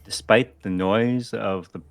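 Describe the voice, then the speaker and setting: A man narrating as game master of a tabletop role-playing game, relaxed and hesitant with fillers. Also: lowish voice, slow, vocal fry, smooth, no room sound. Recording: faint music behind.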